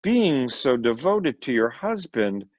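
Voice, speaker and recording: A man reading the lines of a quiet, hesitant male lawyer in a story. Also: on the high side, very animated, measured pace, no room sound. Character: careful middle-aged male lawyer. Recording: dull lo-fi recording.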